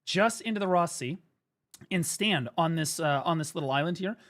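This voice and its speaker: A young man streaming a game, ranting and swearing excitedly as he explains it. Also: on the high side, normal speed. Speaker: gaming streamer. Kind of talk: live gaming commentary.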